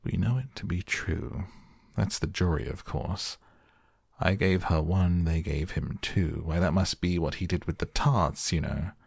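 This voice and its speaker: A man's voice: deep voice, unhurried, vocal fry, breathy edge, no echo, clean studio sound, heavily acted. A man reading the part of a fussy, self-important old king who mutters as he reasons. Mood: pompous musing. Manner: muttering, pleased with his own reasoning.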